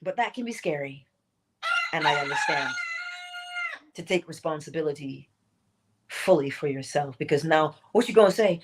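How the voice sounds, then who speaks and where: A woman's voice: sits low, expressive, moderate pace, pauses often. A woman hosting a spiritual morning livestream talk, playful and laughing often as she acts out little quotes.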